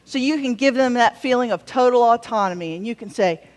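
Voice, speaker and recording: A woman's voice: fairly high pitch, a little fast. A woman pastor preaching a sermon in a conversational way, with wry humorous asides. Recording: long reverb of a large hall.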